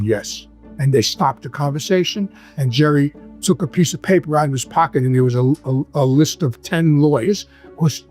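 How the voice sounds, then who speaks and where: A former mobster from Brooklyn, New York, appears as a guest, telling stories casually in a thick New York accent. His manner is loose and rambling, his voice slightly higher than most men's and a little mellow, and he restarts sentences and keeps asking "right?" to check in with his listener. Faint music plays underneath.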